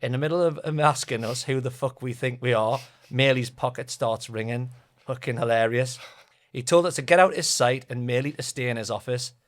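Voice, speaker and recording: A man's voice: medium pitch, brisk. A man, telling football anecdotes in a chatty, laughing podcast conversation. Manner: chatty, laughing storyteller who reads out stories sent in. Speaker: podcast co-host.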